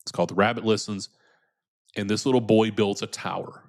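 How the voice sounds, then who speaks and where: A man with a fairly low voice talks candidly as an interview guest. He is earnest and unpolished, and he often restarts and repeats his words as he gathers his thoughts. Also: fairly even intonation, brisk, creaky. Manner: earnest, repeats words when starting sentences.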